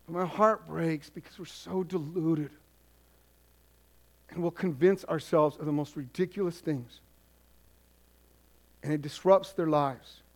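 A man's voice: a little high, fairly even intonation, measured pace, pauses often, a little mellow. A male pastor preaching a sermon, repeating his points for emphasis and slipping into the voices of the people he counsels. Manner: acts out congregants' voices in quoted asides.

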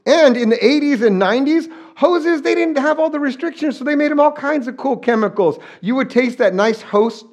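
High-voiced folksy middle-aged male pastor. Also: expressive, moderate pace, hardly any pauses, darkish tone. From southern New Mexico, US. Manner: folksy and joking, with frequent restarts. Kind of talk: conversational sermon.

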